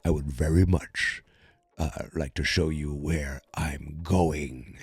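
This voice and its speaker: A man voicing a cold, menacing otherworldly male villain, speaking slowly with drawn-out, threatening words. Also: steady tone, breathy edge, dry recording, exaggerated voice. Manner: slow, low, drawn-out threat.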